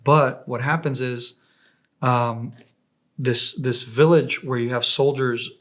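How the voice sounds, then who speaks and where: In an unhurried, mid-range voice, a man from Israel casually recounts combat experiences while being interviewed. He gets animated and performs the voices of those he quotes.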